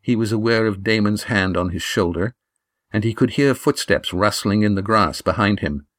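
A man reading a novel aloud as narrator, in a measured, even delivery. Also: on the low side, no room sound, studio quality. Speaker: audiobook narrator. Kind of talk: scripted narration.

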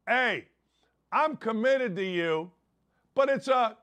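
This older sports talk host's voice is high-pitched, expressive, slow, bright, and forceful. On his show, he gives an opinionated monologue, ranting in a brash, sarcastic, rambling manner.

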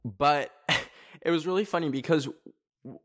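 A man's voice: a little high, unhurried, a bit bright. A man hosting a casual chat show from his garage, rambling with lots of fillers and poking fun at himself, sweaty in the summer heat. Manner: rambling, filler-heavy, self-mocking. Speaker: podcast host.

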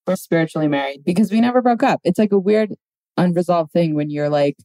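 A woman in her thirties telling a story as a podcast guest, deadpan and drawn out. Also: fairly low pitch, no echo, low-quality recording. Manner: deadpan, drawn-out delivery, puts on voices in anecdotes. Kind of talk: casual chat, storytelling.

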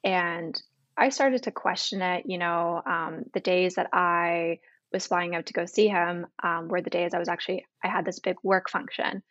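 A woman's voice: lowish voice, steady tone, normal speed, a bit bright, dry recording, dull audio. A woman in her twenties from Canada, telling a personal story as an interview guest, chatty and full of quoted dialogue.

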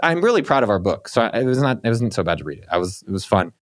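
Male podcast host and author, rapid chatty delivery with a lowish voice, dry close sound. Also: no echo. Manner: quick, animated, self-deprecating. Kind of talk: casual conversation.

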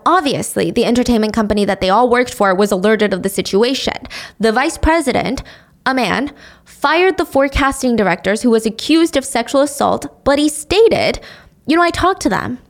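A woman casually telling a true-crime story to a friend, with indignant, sarcastic asides. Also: medium pitch.

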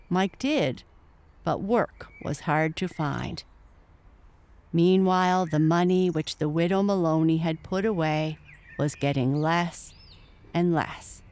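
A woman narrating a storybook in a calm, measured reading voice. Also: low voice.

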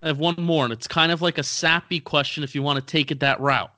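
A man's voice: fairly high pitch, fairly even intonation, fast, bright, forceful tone. A man co-hosting a podcast, rambling casually and poking fun at himself. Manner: rambling, self-deprecating. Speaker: podcast co-host. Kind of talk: casual chat.

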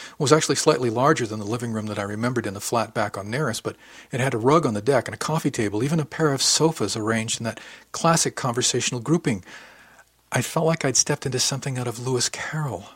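Husky man reading an audiobook. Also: mid-range voice, fast talker, dry recording. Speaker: audiobook narrator. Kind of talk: first-person audiobook narration.

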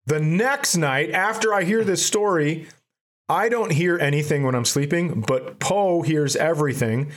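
A man with a fairly high, unhurried voice co-hosts a podcast, telling comic stories in a casual, profane way and laughing at his own punchlines.

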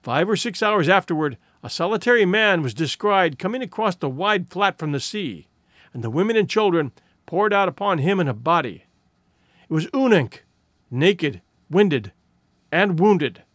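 A man reading a story aloud as narrator, expressive and acting out voices. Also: high-pitched, normal speed, no echo, studio quality. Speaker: audiobook narrator. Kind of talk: scripted narration.

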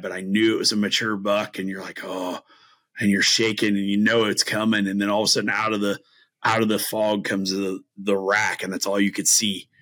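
A man from the Midwest telling long, rambling hunting stories as a podcast guest, full of fillers and restarts, and acting out the voices he quotes. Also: on the low side. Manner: animated, acts out quoted voices. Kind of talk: casual storytelling.

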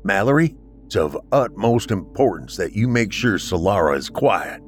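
A man doing a grieving ex-soldier brother, deep. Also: big pitch swings, normal speed, faint music behind. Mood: commanding. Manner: earnest, then crisp military commands. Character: grieving man, ex-military brother leading family.

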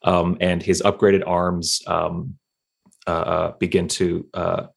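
A man playing a tabletop game and describing his character's actions, halting and self-deprecating, with many fillers. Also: sits low, level tone, gravelly, husky. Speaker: player.

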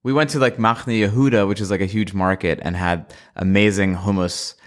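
A man's voice: on the low side, normal speed. A man hosting a podcast, telling travel stories in casual chat, swearing and acting out what people said. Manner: animated storytelling, swearing, acting out quotes. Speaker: podcast host.

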